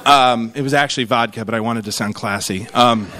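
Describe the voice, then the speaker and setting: A man in his thirties giving a humorous conference speech about tourism, telling lively stories with comic asides and acted-out quotes. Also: medium pitch, fairly quick. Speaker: keynote speaker on tourism.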